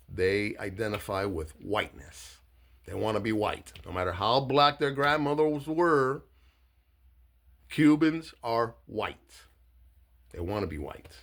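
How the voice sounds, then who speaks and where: A political candidate born in Cuba delivers a blunt, profane monologue on politics, swinging between quiet asides and shouting.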